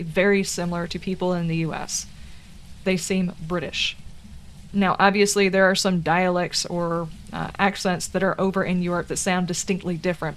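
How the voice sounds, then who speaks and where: Slight background noise sits behind a mid-range female voice with a Southern American accent. She's streaming a game and chatting casually, drifting from tangent to tangent.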